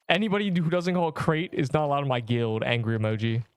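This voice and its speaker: A man's voice: a little high, animated, fast talker, clean tone, no room sound. A young man chatting on a game livestream, rambling in slang and joking with mock outrage at his chat. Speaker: game streamer.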